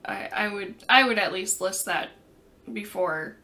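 A woman's voice: mid-range voice, a little slow, gravelly, bright, forceful tone. A woman co-hosting a casual chat, supportive and agreeing, laughing along with her partner. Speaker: podcast co-host.

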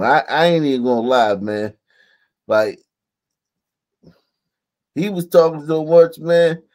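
Man, reaction video host, casual slangy commentary, raised voice, unhurried drawl, lots of repeats. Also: fairly high pitch, a little mellow. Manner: slangy, profane, repeats himself with "man" tags.

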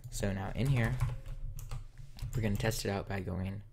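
A man's voice: fairly low pitch, fairly even intonation, moderate pace, gravelly, noisy background. A man hosting a casual coding tutorial, talking step by step while he types. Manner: talks step by step while typing. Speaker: tutorial host.

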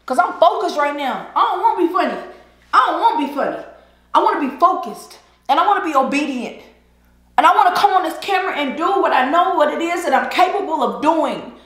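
Woman vlogger, high voice, earnest slangy pep talk, echoey room. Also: expressive, fairly quick, a bit bright. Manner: earnest, preachy, swings into laughter and slang. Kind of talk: casual heartfelt monologue while eating. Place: indoors at home, eating a seafood boil.

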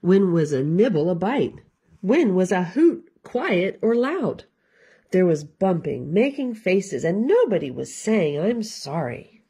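A woman librarian reads a picture book aloud for children with expressive, sing-song storytelling. Her pitch swoops widely and her pace is slow and deliberate, with a soft breathy tone.

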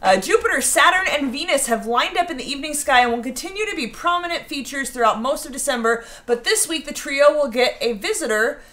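A woman's voice: high voice, lively intonation, fairly quick, few pauses, pushed and bright. A woman hosting a casual home baking live stream, chatting and reading out viewer comments. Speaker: baking show host. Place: home kitchen.

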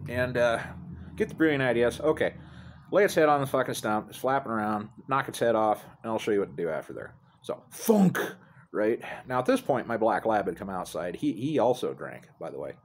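Deep-voiced man telling a rambling story. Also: lively intonation, a little fast, a little hiss or hum. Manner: profane, rambling, self-deprecating. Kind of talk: casual storytelling to a phone camera. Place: outdoors near apartments. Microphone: phone held by speaker.

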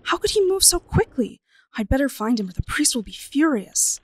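A woman's voice: high voice, sing-song, moderate pace, a little hiss or hum, voice pushed up, low-quality recording. A woman voicing a big, dogged male temple servant in a storybook reading, grumbling and urgent by turns.

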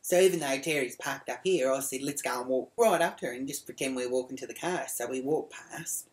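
A brash middle-aged woman with a low, deep voice, swearing freely as she tells a story. She jumps up into sharper, louder tones whenever she quotes someone. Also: brisk. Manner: brash, profane, acts out quotes in raised voice. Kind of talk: comic monologue.

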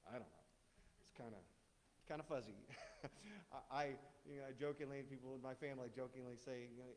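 A man's voice: mid-range voice, fairly quick, fairly bright tone. Chatty, joking middle-aged man preaching. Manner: conversational, joking, full of rhetorical questions. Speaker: guest speaker. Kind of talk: sermon. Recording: long hall reverb.

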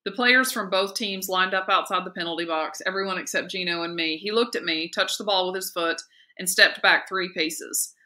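Woman teacher, very bright reading voice. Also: lowish voice, normal speed. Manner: steady, lively expressive reading. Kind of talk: read-aloud narration of a novel.

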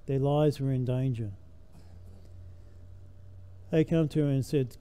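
A man's voice: medium pitch, steady tone, slow pace, warm tone, smooth. An older man preaching a sermon in a church, emphatic, his voice rising and falling with the message.

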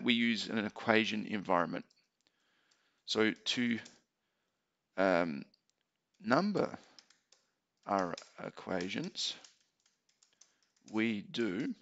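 A man teaching maths in a relaxed tutorial, thinking aloud as he types. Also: on the low side, creaky. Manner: relaxed explaining, thinking aloud while typing. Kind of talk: screen-recorded tutorial. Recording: dull lo-fi home mic.

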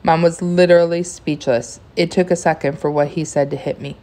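Brief: low-voiced woman, steady read-aloud of a novel. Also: brisk. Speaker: reader.

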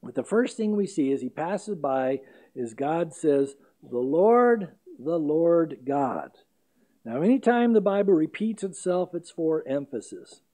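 Pastor guy preaching, kinda high voice, soft mellow tone, slows way down on the verses. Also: very animated. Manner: emphatic, slows down to stress scripture readings. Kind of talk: expository sermon.

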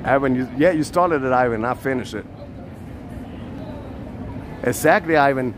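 This livestream host from Puerto Rico walks the night streets of a city, phone in hand, teasing viewers playfully and breaking into loud shouted names. His pitch is medium and his speed normal, with faint street and traffic sounds outdoors.

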